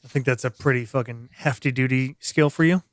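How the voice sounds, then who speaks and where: A man running a tabletop game as game master, narrating scenes in a relaxed way with frequent pauses. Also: mid-range voice, dry recording. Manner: relaxed, hesitant with fillers.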